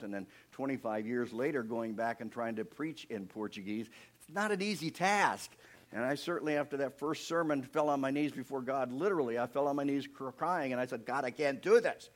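Middle-aged man, preacher, sermon, animated storyteller, earnest personal asides, medium pitch. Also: brisk. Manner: animated storytelling, dramatic shifts between soft and loud.

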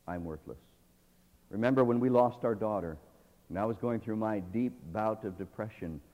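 A man's voice: on the low side, muffled recording. Male pastor, dramatic sermon, dynamic swings, church hall reverb. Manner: dramatic swings from hushed to loud.

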